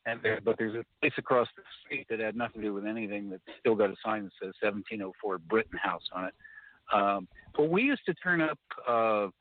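A man's voice: fairly low pitch, dry recording. Rambling man on a tinny phone line. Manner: rambling, halting, many restarts. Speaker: caller. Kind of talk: casual phone conversation.

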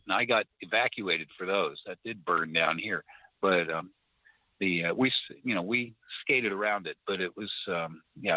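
A man chatting as a guest on a talk show, talking haltingly with many restarts. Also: fairly low pitch, no echo. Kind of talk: casual talk-radio conversation. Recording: tinny phone-like line, dry.

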